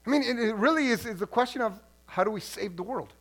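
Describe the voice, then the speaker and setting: A man preaching a sermon to his congregation in a lively, conversational way, often restarting phrases and repeating words. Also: high-pitched, fast talker. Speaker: pastor.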